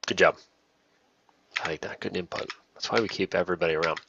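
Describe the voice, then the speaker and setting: Guy running a refs training on a video call, low voice, dull muffled audio, rambles and repeats stuff. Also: fairly even intonation, fast talker, vocal fry, fairly bright tone, a little hiss or hum. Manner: chatty, self-deprecating, repeats key points. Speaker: lacrosse officials trainer. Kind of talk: casual online training talk.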